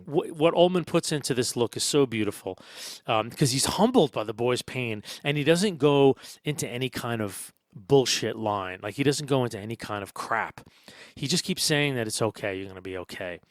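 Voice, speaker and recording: A man at an ordinary middle pitch hosts a podcast, recounting a film scene by scene with open enthusiasm and plenty of fillers. His voice sits close and dry on the mic, with no room sound at all. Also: a bit bright, dry recording. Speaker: podcast host. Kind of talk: casual film review monologue.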